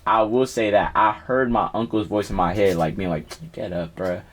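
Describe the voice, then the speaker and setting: A young man with a husky, somewhat low voice recounts a personal story in a relaxed interview. He talks in loose slang, swears freely and tells it with animated energy. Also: moderate pace. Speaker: rapper guest.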